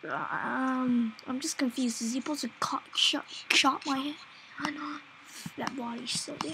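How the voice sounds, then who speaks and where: High-pitched woman, slow rambling game commentary, drops to whispers, noisy home mic recording. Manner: rambling, wondering aloud, often drops to whispers. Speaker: gameplay commentator. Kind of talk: casual gameplay commentary. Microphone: desktop mic.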